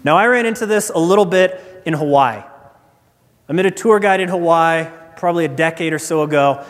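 A man preaching a sermon as pastor, telling stories in a relaxed, conversational way. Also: fairly high pitch. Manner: conversational storytelling. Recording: echoey hall reverb.

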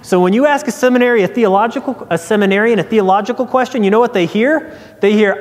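A man's voice: fast, hardly any pauses. Man preaching in a reverberant church. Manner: storytelling, acts out quoted voices, drops to low emphatic tones. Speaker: pastor. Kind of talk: sermon. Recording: long hall reverb.

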